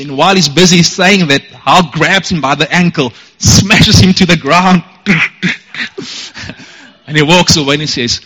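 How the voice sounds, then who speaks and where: Pastor guy preaching, bright forceful voice kinda high, long echoey hall reverb. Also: measured pace. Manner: earnest, emphatic preaching with repeated phrases. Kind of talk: sermon.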